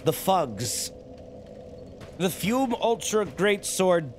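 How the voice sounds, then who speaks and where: Streamer, male, animated commentary with sudden shouts, voice on the higher side, noisy stream audio. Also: very slow. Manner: excitable, shouts and exclaims during fights. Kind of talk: casual live-stream gameplay commentary.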